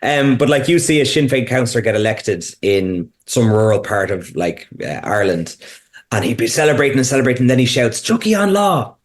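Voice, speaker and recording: A man's voice: medium pitch, animated, brisk. A man speaking as a podcast guest, explaining casually while thinking aloud, with frequent restarts and fillers.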